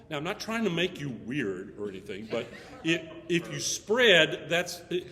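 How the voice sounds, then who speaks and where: Joking choir director in an echoey hall. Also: male voice, a little high, big pitch swings, a little slow, pauses often, bright, forceful tone. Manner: jokey, counts in and sings example phrases. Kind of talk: choir rehearsal coaching. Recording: echoey hall with long reverb.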